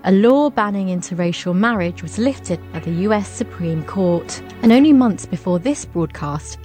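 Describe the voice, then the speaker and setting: A woman giving scripted documentary narration in a clear, measured delivery. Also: medium pitch, darkish tone.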